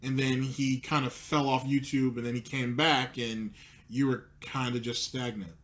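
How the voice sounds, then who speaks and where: Male commentary host, mid-pitched, sarcastic and profane, needles his target. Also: little pitch movement, moderate pace, a little hiss or hum.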